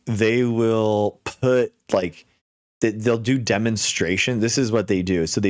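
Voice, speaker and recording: Low-voiced man on a chatty livestream. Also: no room sound, studio quality. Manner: animated, lots of filler and restarts, quick mocking asides. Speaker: livestream host. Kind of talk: casual livestream chat.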